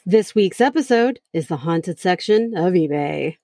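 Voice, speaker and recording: A woman, co-hosting a casual podcast in a quick, matter-of-fact way. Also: lowish voice, lively intonation, warm tone, no echo, studio quality. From Texas. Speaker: podcast co-host. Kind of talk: casual chat.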